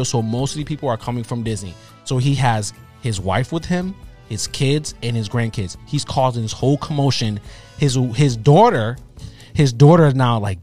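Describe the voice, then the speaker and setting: A man in his thirties, co-hosting a podcast, telling a story in a casual, animated way and acting out what people said. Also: mid-range voice. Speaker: podcast co-host.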